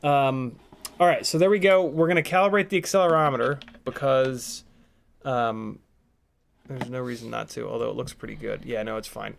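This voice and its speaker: A man's voice: medium pitch, steady tone, normal speed, gravelly, slight background noise. A man hosting a casual live stream from a home workspace, chatting easily, joking, and reading out viewer comments while he works. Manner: easygoing, jokey, reads out viewer comments.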